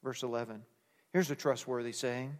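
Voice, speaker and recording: A man's voice: medium pitch, fairly even intonation, moderate pace. A man preaching a sermon as pastor, reading scripture and building to emphatic, repeated calls to the congregation. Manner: preaching with rising emphatic bursts and call-and-response. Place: church sanctuary. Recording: long reverb of a large hall.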